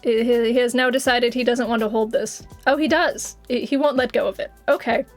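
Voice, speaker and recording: A woman's voice: a little high, steady tone, normal speed, soft background music. A woman streamer in casual livestream chat, rambling and giggly, swearing casually as she talks.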